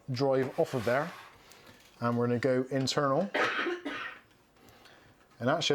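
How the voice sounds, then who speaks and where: A man talks casually and frankly as he works through a livestream. His voice sits at an ordinary middle pitch, with a faint hiss of noise under it. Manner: frank, chatty, laughs often. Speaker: streamer building a PC.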